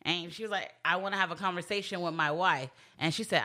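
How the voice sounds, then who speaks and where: Woman, bright and forceful tone, casual retelling, quotes the characters. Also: fairly low pitch, steady tone, quick pace, hardly any pauses. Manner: retells scenes by quoting characters. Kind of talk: casual chat recapping a show.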